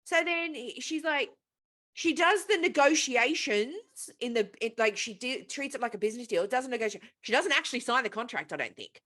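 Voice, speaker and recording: A woman's voice: a little high, expressive, normal speed, fairly bright tone. A woman co-hosting a casual podcast, retelling a film plot in a profane, rambling way. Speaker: podcast co-host.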